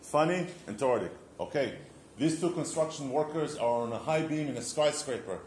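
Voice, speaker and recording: This podcast host offers marriage advice in a relaxed religious monologue, weaving in stories and answering his own questions. He speaks at normal speed in an animated, mid-range voice that's a little mellow. There's reverb and a bit of background noise.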